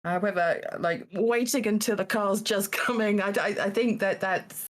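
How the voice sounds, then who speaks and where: A woman hosting a live-streamed game show, talking in a halting way with lots of fillers and small laughs. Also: mid-range voice, fairly even intonation. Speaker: Taskmaster host.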